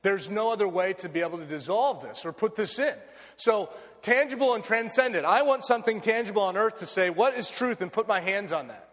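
A man's voice: high voice, a bit bright, long reverb tail. An American man preaching a sermon, earnest and repeating key phrases for emphasis. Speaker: pastor.

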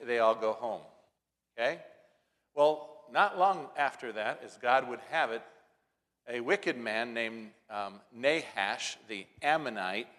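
A man preaching a sermon, telling a story and driving points home with repeated lines, loud stresses and soft asides. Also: medium pitch. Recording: long hall reverb.

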